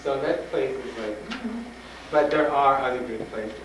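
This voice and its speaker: A man speaking to students, telling a personal story with animated retellings and frank urging. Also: medium pitch, moderate pace. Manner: animated, acts out dialogue, laughs often. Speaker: guest speaker at a school. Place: school hall with an audience. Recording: roomy old tape from a distant mic, noisy.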